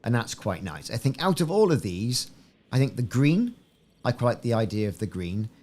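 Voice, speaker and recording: A man's voice: medium pitch, very animated, moderate pace, darkish tone. Chatty, rambling man. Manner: rambling, chatty, greets viewers by name; musing, repeats himself often. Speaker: game streamer. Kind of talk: live-stream gameplay chat.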